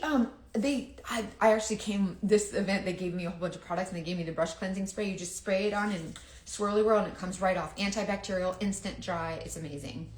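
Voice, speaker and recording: A woman's voice: fairly low pitch, fast, few pauses, roomy sound. A woman who chats casually while doing her makeup, rambling, confiding and often trailing off. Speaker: makeup seller and vlogger.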